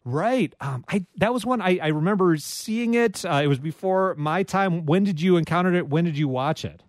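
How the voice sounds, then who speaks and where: Chatty, slightly high-voiced male radio host. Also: dry recording. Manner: chatty, self-deprecating, quick interjections. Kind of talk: casual radio call-in chat. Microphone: studio microphone.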